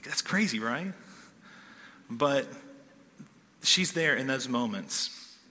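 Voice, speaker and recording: A man preaching a sermon in a casual, animated way, often checking in with "okay?", in a church hall. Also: mid-range voice, slow pace. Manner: conversational, animated, keeps asking "okay?". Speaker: pastor.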